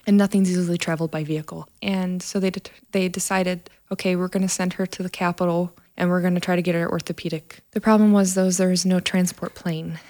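Woman with a gravelly voice. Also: lowish voice. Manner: earnest, storytelling with lively quoted dialogue. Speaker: guest, trauma nurse. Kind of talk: personal story in a conversation.

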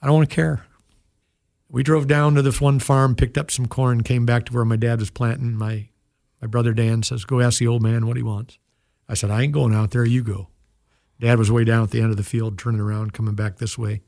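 A man's voice: medium pitch, little pitch movement, fairly quick, vocal fry, a little mellow, no echo, studio quality. A man in his sixties, a pastor and guest in an interview, telling a personal story in an earnest, emotional way. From United States.

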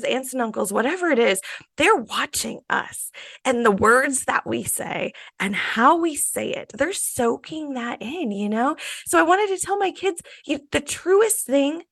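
30s woman author on a radio interview, bright voice with some vocal fry, reflective storyteller. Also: on the high side, dry recording. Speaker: author guest.

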